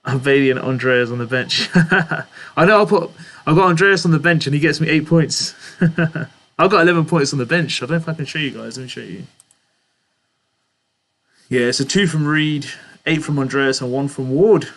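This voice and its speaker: A man's voice: a little high, normal speed, fairly bright tone. A young man hosting a casual live stream, reading out viewers' chat messages and answering them in a chatty way, often laughing. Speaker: livestream host answering chat.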